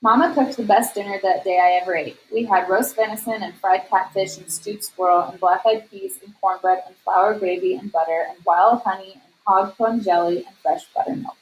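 A woman reads a novel aloud in a steady, measured storytelling voice. Her pitch sits in an ordinary middle range. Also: a little hiss or hum, low-quality recording. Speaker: reader.

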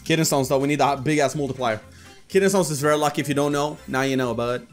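Joking, rambling young man with a higher voice. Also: fast, faint music behind. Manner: rambling, joking, swears freely. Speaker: casino game streamer. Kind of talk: casual live gambling commentary.

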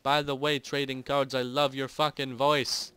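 Excitable young man gaming at home. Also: medium pitch, normal speed, clear, resonant tone, no room sound. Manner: excitable, loud yelps and swearing. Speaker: gamer and video host. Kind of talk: let's play commentary. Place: home at night.

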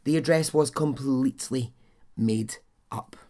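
A man's voice: mid-range voice, measured pace, warm tone. A man hosting a podcast, telling a true-crime story in a chatty, blunt way, swearing and adding his own asides. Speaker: podcast host.

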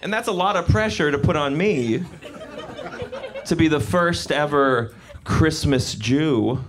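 A young man performing a live stand-up comedy set on a club stage, animated and slipping into voices for his bits. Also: on the high side, takes it slowly, a crowd in the background. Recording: live club recording with audience noise. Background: audience laughter.

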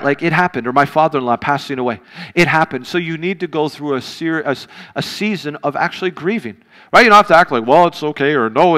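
A man in his thirties delivers a sermon as a pastor, his voice sitting a little high for a man. He talks to the congregation in a direct, conversational way and leans into his points with rising force. The sound carries a long reverb tail, as if in a large church hall. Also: a bit bright. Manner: earnest, direct, conversational preaching with rising emphasis.

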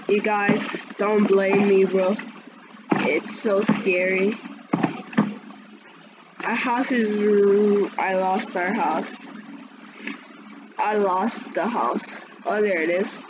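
A woman giving casual gameplay commentary, excitable and breaking into high panicked yelps. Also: very slow, long pauses, dull audio, background noise. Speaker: gameplay video creator. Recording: loud game sounds behind the voice.

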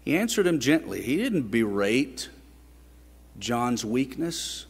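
Slow, earnest preacher in a reverberant church. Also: male voice, very animated, slightly rough. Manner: earnest, rises in pitch for emphasis and questions. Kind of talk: sermon. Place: church sanctuary. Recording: long reverb of a church sanctuary.

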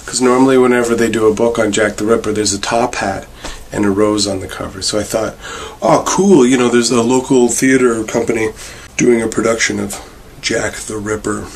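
A man vlogging a rambling comic monologue with wry, meandering deadpan asides. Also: on the low side, brisk, vocal fry, a little hiss or hum. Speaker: vlogger and bar worker.

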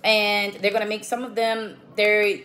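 A woman's voice: mid-range voice, little pitch movement, unhurried, fairly bright tone, slight background noise. A woman giving a casual tarot reading in a slangy, profane, emphatic way, often checking in with "okay?". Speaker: tarot reader.

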